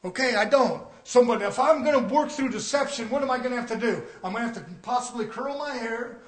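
A male pastor preaching a fiery sermon, dropping to low murmurs and rising to shouts. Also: a little fast.

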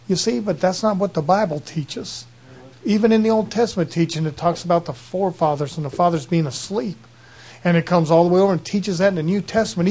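A man's voice: sits high, darkish tone. Earnest folksy preacher man. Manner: earnest, folksy, repeats himself and restarts phrases. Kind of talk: conversational sermon.

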